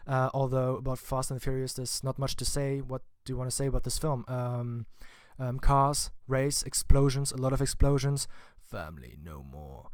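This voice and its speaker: A man's voice: medium pitch, monotone, normal speed, hardly any pauses, clear, resonant tone, no echo. Chatty man reviewing films, dry sound. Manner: chatty and informal, with wry asides. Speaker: film vlogger. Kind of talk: casual spoken film review.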